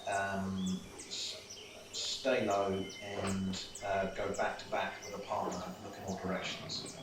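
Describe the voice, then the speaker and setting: A man playing a tabletop game, talking through his character's moves with many pauses and restarts. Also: sits low, monotone. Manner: hesitant, many ums and restarts. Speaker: player. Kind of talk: describing his character's actions. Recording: roomy distant mic with background noise.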